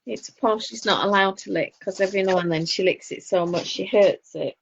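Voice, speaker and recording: A woman's voice: mid-range voice, brisk, creaky, a little hiss or hum. Chatty Northern English woman, lo-fi sound. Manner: chatty, opinionated, laughing asides. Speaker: podcast co-host. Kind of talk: casual chat. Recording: dull lo-fi dry sound.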